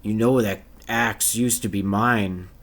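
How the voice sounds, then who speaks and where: A man's voice: lowish voice, steady tone, slow pace, a bit bright. A man voicing an angry, scarred bugbear chief who sneers insults in a tabletop game. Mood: contemptuous. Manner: spits contempt, sneering.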